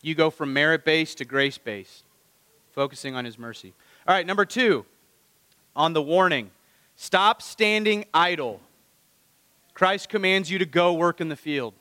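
Male pastor, bright and forceful, preaching with lively rhetorical questions; dry close mic with a long hall tail. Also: fairly high pitch, unhurried, long pauses, clean tone. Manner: animated, rhetorical questions to the congregation. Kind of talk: sermon.

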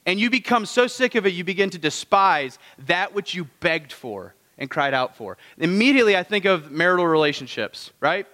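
Man, pastor, casual sermon, bright tense voice, long hall reverb. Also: sits high, expressive, moderate pace, few pauses. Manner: casual, asks the congregation rhetorical questions. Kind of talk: conversational sermon.

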